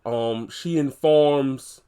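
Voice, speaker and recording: A man casually recapping a TV episode, chatty and full of fillers, growing animated as he retells scenes. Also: mid-range voice, extremely slow, clean tone.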